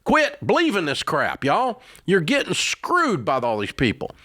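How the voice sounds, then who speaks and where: A man hosting a call-in advice show, yelling at callers in a blunt, exasperated rant from a radio studio. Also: sits high, wildly swooping pitch, a little slow, no echo. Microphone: studio microphone.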